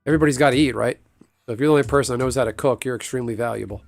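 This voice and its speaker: A man in the middle of an ordinary pitch range chats casually during a game stream. He rambles, swears freely and laughs often. His voice sounds dry and close, with faint music underneath. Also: racing, vocal fry, no echo. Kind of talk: casual chat while gaming.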